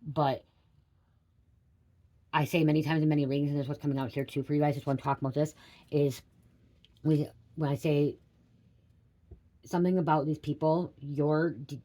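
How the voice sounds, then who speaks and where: A woman's voice: deep voice, steady tone, normal speed, pauses often, mellow. Rambling woman tarot reader, blunt. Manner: rambling, keeps adding "okay?" to check in; blunt, swears casually. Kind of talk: casual spiritual reading to camera.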